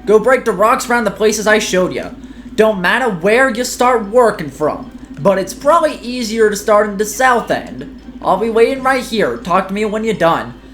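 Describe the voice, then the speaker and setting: A woman voicing a gruff, pushy older male mushroom foreman from a video game, with a folksy drawl and a put-on accent, reading the game's lines aloud. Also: medium pitch, animated, moderate pace, soft background music, voice pushed up, close to an everyday voice. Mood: bossy. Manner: folksy drawl, clipped slangy grammar; put-on accent she calls terrible.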